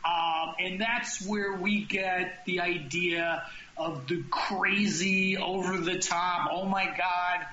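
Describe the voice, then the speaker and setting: A man's voice: high-pitched, fairly even intonation, slow pace, sharp tone. A man hosting a comedy podcast, chatting casually and rambling with restarts and filler words. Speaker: podcast host. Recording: roomy, slightly dull sound with faint noise.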